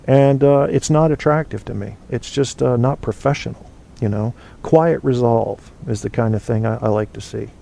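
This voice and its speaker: A man's voice: medium pitch, normal speed, creaky, mellow. A man hosting a casual call-in show, rambling and opinionated with plenty of fillers and restarts. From United States. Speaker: podcast host.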